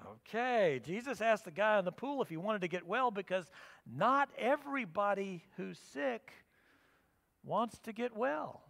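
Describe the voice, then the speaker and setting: Animated pastor with a bright, high voice. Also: male voice, a little slow, creaky. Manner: animated storytelling, acting out quotes. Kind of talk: sermon. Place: church sanctuary. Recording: long reverb of a church hall.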